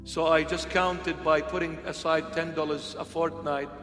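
A man's voice: a little high, level tone, normal speed, fairly bright tone. A man preaching a humorous, conversational sermon, slipping into playful impressions. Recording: echoey hall with faint music.

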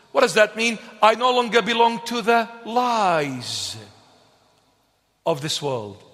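A male preacher delivers an emphatic sermon in a fairly high voice. He speaks slowly, hammering points home with repeated questions he answers himself. His voice rings out with a long reverb, as in a large church hall. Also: a bit bright. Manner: emphatic, repetitive call-and-response preaching.

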